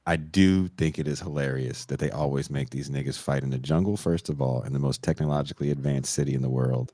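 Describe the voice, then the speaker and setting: A man's voice: very deep voice, steady tone, fast, warm tone, no room sound. A man hosting a podcast in casual, joking chat, laughing often and swearing freely. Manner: laid-back, laughs often, profane. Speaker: podcast host.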